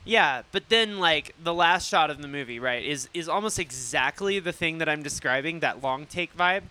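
A man's voice: fairly high pitch, expressive, normal speed, bright, forceful tone, clean tone. A man co-hosting a film podcast, talking in a rambling, casual way and swearing freely. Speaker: podcast co-host. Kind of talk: casual chat.

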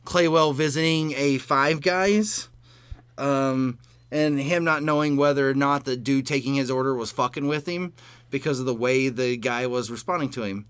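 A man's voice: medium pitch, normal speed, a bit bright, smooth, dry recording. A man co-hosting a podcast, chatting casually, laughing often and swearing now and then. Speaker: podcast co-host.

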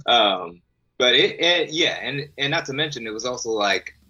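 A man's voice: mid-range voice, expressive, moderate pace, sharp tone, lo-fi sound. A man, an actor, chatting easily in an interview about a cold night shoot. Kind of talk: casual interview anecdote.

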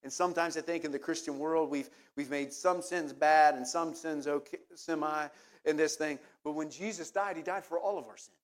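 High-voiced man preaching a sermon. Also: fairly even intonation, normal speed. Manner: earnest, repeats words while searching for them. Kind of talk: sermon with personal anecdote.

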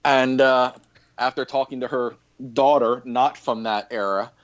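The man speaks unhurriedly at medium pitch with fairly even intonation. As a podcast guest and former historic fort coordinator and EMT, he casually spins meandering anecdotes about past work, laughing often and filling pauses. The remote audio is dull and lo-fi.

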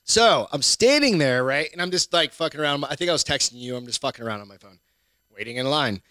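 Profane, fast-talking man telling stories. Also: fairly high pitch, dry recording, clean studio sound. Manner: profane, animated storytelling. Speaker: podcast co-host. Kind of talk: casual chat.

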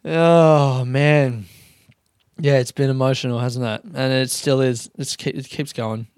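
A man's voice: mid-range voice, level tone, normal speed, a little mellow, dry recording, clean studio sound. A young Australian man, a stand-up comedian, hosting a solo podcast monologue and swearing constantly in loose, rambling bursts.

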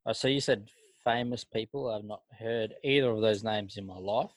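A man's voice: fairly low pitch, moderate pace, no echo. Laid-back man co-hosting a podcast. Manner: laid-back, blunt, slangy. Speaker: podcast co-host. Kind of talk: casual banter.

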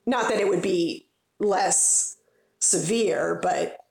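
A woman in her forties with a low, gravelly voice talks casually and rambles, piling up fillers as she goes. She works as a funeral director. Her voice rings with noticeable room echo. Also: slow pace, darkish tone. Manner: chatty, rambling, lots of fillers. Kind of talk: casual podcast conversation. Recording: roomy echo.

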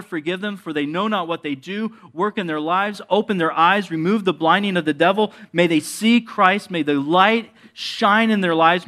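Bright-voiced pastor preaching, man. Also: fairly high pitch. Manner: shifts from hushed asides to rising, emphatic appeals; joking asides to the congregation. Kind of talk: sermon.

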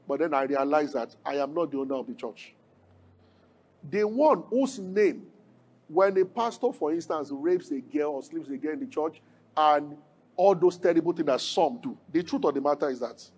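A man preaching a sermon as pastor, asking the congregation questions, swinging from emphatic peaks to low, quiet lines. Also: husky.

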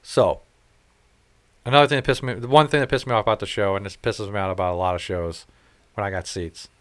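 A man's voice: on the low side, fairly even intonation, fast talker, fairly bright tone. A man in his late thirties, ranting and cursing his way through a casual story about a concert. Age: 30s. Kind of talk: casual chat.

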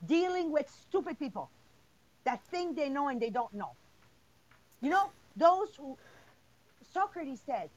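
Lively high-voiced woman. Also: unhurried, long pauses, dull audio. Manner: energetic, laughing, blunt and emphatic. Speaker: podcast host. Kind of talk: casual podcast Q&A.

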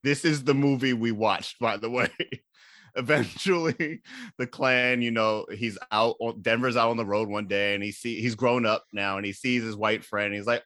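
A man casually recapping a movie for a comedy podcast, animated and laughing, with sudden high-pitched outbursts. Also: moderate pace, no room sound, clean studio sound.

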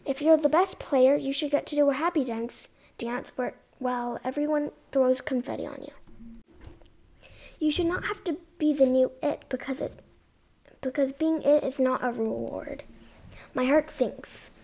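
A young woman reads a children's chapter book aloud in a high voice. Her delivery is expressive, and she drops into whispered asides now and then. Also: normal speed. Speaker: reader.

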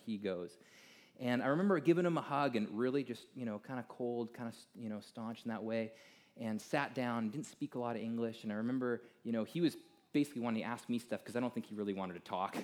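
A middle-aged American man speaking to a gathered audience, his voice sitting at an ordinary pitch for a man. He tells his story in a loose, chatty way, full of "you know" and "like", drifting from lively to softer moments. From United States. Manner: casual, animated storytelling with many fillers.

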